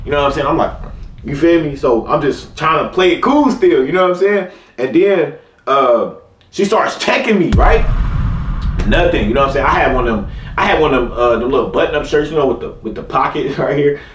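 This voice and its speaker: A young male vlogger tells a casual story in laid-back slang, often checking in with his listener and repeating "you know what I'm saying." His voice is on the high side, expressive, and a little fast. He sounds far from the mic in a roomy space, with music behind him and slight background noise.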